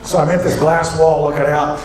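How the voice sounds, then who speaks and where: A man from southwestern Colorado giving a humorous conference keynote, an energetic storyteller who quizzes the crowd. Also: a little high, fairly quick, a little hiss or hum. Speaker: keynote economic speaker. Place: large conference hall. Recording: echoey conference hall.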